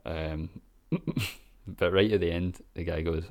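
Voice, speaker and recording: A man's voice: deep voice, steady tone, slow pace. A Scottish man giving laid-back, sweary reaction commentary with lots of ums and chuckles. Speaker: vlogger.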